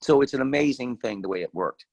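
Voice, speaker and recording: Older male guest speaker, folksy and candid, mid-pitched voice, dry close mic. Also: expressive, quick pace, vocal fry, darkish tone, no room sound, rough recording. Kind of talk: personal storytelling.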